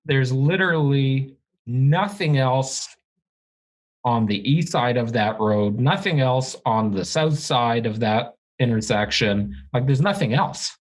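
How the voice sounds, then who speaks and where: A man's voice: medium pitch, takes it slowly, low-quality recording. A man co-hosting a real estate podcast, talking in a heated, blunt, ranting way with some swearing. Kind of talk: casual podcast chat. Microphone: studio podcast microphone.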